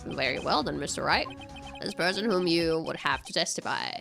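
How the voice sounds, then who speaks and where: Woman putting on a deep-voiced doddering old judge, game read-through, faint music behind. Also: expressive, brisk, vocal fry, full character voice. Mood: formal. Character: elderly male judge, slow and befuddled.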